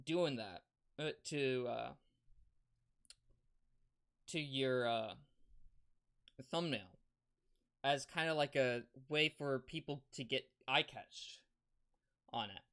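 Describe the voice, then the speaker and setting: A streamer giving casual advice on a livestream, rambling and halting, with many restarts and fillers. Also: mid-range voice, fairly bright tone.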